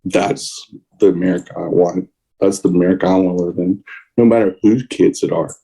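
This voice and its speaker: A man's voice: low voice, fairly even intonation, a little fast, vocal fry, dark tone, poor audio. A man co-hosting a podcast, giving emotional, indignant political commentary. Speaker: podcast co-host.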